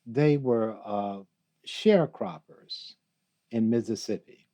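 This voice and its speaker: An older man as a guest in an interview, talking slowly and reflectively, reciting poetry and laughing often. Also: on the low side, mellow. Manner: slow, musing, quotes poetry, laughs often. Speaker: guest, theologian.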